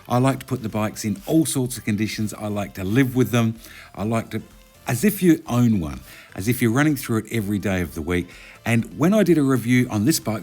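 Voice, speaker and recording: A man's voice: fairly low pitch, darkish tone. A man, chatting casually as he narrates a motorcycle review video. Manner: chatty, conversational, self-correcting.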